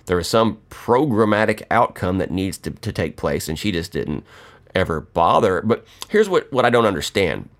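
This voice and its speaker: Low-voiced man telling profane stories. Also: very animated, normal speed. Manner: profane, joking storyteller. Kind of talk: casual rambling monologue.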